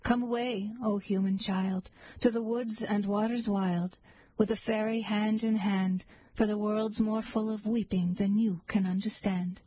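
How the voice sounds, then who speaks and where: A woman reading poems aloud in a slow, measured, lilting recitation. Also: medium pitch, fairly even intonation, mellow, slightly rough, dry recording, rough recording. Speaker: poetry reader.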